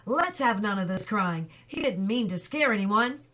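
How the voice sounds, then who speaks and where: A woman voicing a calm, steady farmer father who speaks in an even, reassuring way. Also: medium pitch, moderate pace, natural voice.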